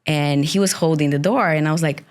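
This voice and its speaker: This is a woman with a Brazilian accent chatting on a podcast. Her voice sits low in pitch. She talks casually and tells stories in loose, nonstandard English. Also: brisk. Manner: animated storyteller with loose, nonstandard English grammar. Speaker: podcast co-host. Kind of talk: casual chat.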